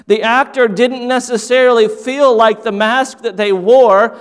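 A man's voice: extremely high pitch, steady tone, unhurried, smooth. A male pastor preaching a sermon earnestly, repeating phrases for emphasis, in a church. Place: church sanctuary. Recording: long hall reverb.

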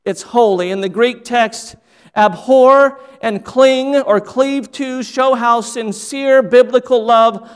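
A man's voice: very high voice, a bit bright, clear, resonant tone. A male pastor preaching a sermon earnestly, repeating phrases for emphasis, in a church. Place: church sanctuary. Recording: long hall reverb.

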